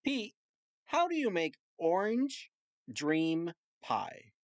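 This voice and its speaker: A man hosting a comedy podcast in playful, teasing chat, quizzing his co-hosts and reading out odd recipes. His voice swings lively up and down, and the sound is close and dry with no room around it. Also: high-pitched, slow pace, no echo. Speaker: podcast host. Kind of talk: casual comedic chat over a remote call.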